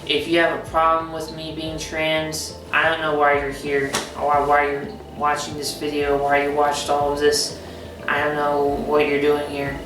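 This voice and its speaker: A man's voice: a little high, monotone, measured pace, recorded from a distance, noisy background. A young trans man talking casually to his viewers, blunt and swearing freely, with lots of hesitant fillers. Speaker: vlogger. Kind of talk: casual vlog talk to camera. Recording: echoey room, off-mic, faint music.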